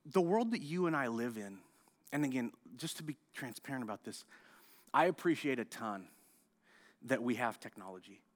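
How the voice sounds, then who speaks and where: A male pastor from the United States preaching a sermon, telling the story with animated, acted-out outbursts. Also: mid-range voice, normal speed. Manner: animated storytelling, acts out scenes, loud excited outbursts.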